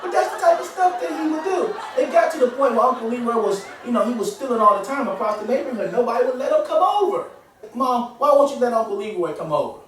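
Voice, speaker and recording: A man telling a funny true story in an animated way, often laughing as he goes. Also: very high voice, quick pace, hardly any pauses, a faint crowd, a little hiss or hum. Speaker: comedian. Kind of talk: comic storytelling. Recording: echoey room from far off.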